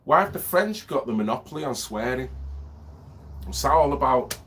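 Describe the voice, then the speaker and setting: Bloke ranting into the camera, swears a lot, a bit of a cough, keeps asking you know what i mean. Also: male voice, mid-range voice, animated, normal speed, a bit bright. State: lingering cough. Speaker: vlogger. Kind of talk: rambling monologue.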